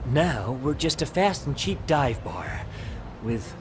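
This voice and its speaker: A gushing, downtrodden bar manager. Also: male voice, mid-range voice, very animated, slow pace, background noise. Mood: glum. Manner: gushing then glum, theatrical swings. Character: excitable middle-aged male bar manager, downtrodden.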